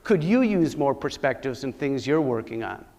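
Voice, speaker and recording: A middle-aged man giving a keynote talk to a live audience, telling a personal story in an animated way, with sudden loud bursts and soft asides. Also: medium pitch, moderate pace, vocal fry. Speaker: keynote speaker.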